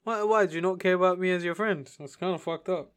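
A man's voice: high voice, quick pace, smooth. Crude, teasing young British man. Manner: crude, teasing, swears a lot. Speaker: podcast co-host. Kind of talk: casual podcast banter.

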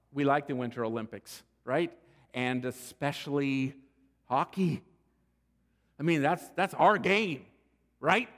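A man preaching a sermon, emphatic and deliberate, often restarting phrases. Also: a little high, fairly bright tone. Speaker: pastor. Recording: long church-hall reverb.

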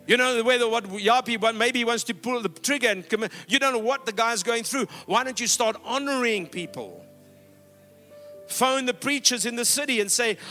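A man's voice: very high voice, lively intonation, normal speed, sharp tone, faint music behind. A man pastor preaching a sermon in a church, exhorting the congregation and telling stories with quoted dialogue. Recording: long hall reverb.

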